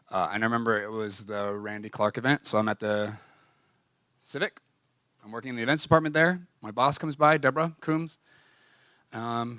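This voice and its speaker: A young adult man preaching, telling a personal story in an animated, confessional way and acting out dialogue. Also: medium pitch, no echo, clean studio sound. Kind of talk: storytelling sermon.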